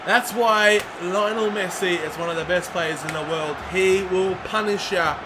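A young man, a regular on the channel, excitably commentating a football video game, swinging from groans to yells. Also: sits high, a little slow, background noise. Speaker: gaming commentator.

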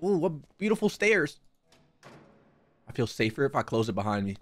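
A man's voice: medium pitch, sing-song, normal speed, no echo, soft background music. A young man streaming a horror game, cracking crude jokes to his chat and muttering nervously to himself. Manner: jokey, profane, talks to chat. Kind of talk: live gaming commentary.

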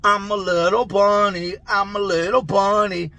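A man doing a bragging, gravelly inmate. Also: mid-range voice, fast talker, fairly bright tone, dry recording. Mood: singsong. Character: odd brash male inmate bragging and playing bunny.

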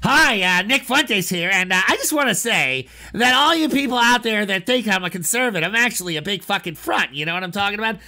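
A man's voice: sits high, animated, a little fast, few pauses, bright, forceful tone, exaggerated voice. A man putting on a mocking impression of a young male political streamer, speaking in a sneering tone. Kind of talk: mocking impression on a call-in show.

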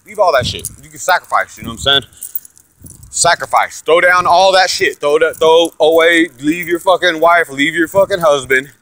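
Profane male ranter, somewhat high bright voice, aggressive, repetitive. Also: normal speed, no echo. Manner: swings between loud shouting and low muttering. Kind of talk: profane religious rant to camera.

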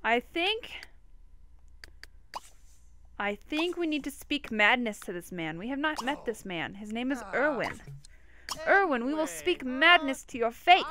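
A woman's voice: fairly high pitch, pushed and bright. A young woman giving casual, playful commentary over a life-simulation game, teasing her characters with mischievous glee. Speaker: gameplay commentator. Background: game music.

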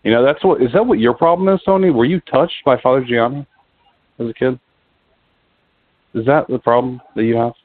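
A man's voice: mid-range voice, fairly quick, long pauses, dry recording. A man calling in to heckle the host, needling and accusing him and talking over him. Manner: needling, accusing, keeps interrupting. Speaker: prank caller. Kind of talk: call-in heckling. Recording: tinny dry phone line.

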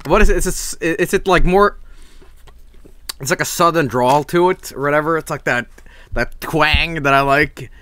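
A man's voice: fairly high pitch, moderate pace, pushed and bright, smooth, no echo. A young man streaming, chatting casually and rambling, with lots of swearing and chuckles.

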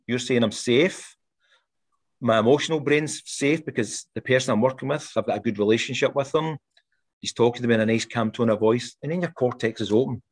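A Scottish teacher explaining his classroom methods in an interview, animated and full of quick restarts. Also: mid-range voice.

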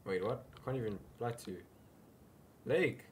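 A man's voice: medium pitch, animated, brisk, slight background noise. A young man commentating a horror game he is playing, casual and easily startled, often calling people dude. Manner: jumpy, says dude a lot, shouts when startled. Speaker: gaming youtuber. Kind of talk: casual let's-play commentary.

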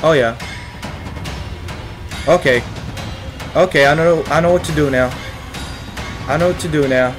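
A young man giving panicky let's-play commentary on a horror game, yelping and shouting when scared. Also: on the high side, measured pace, long pauses. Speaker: gaming streamer. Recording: game music playing loudly behind.

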